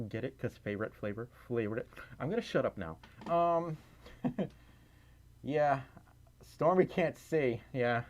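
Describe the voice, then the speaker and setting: Chatty male streamer, slightly high and very animated pitch, giggles often, rambles through viewer chat. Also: a little slow, long pauses. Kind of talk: casual livestream chat. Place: indoors at home, in a fursuit.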